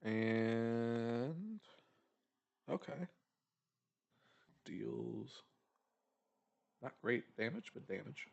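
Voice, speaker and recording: Gravelly man running a tabletop game. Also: mid-range voice, animated, extremely slow, long pauses. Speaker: game master.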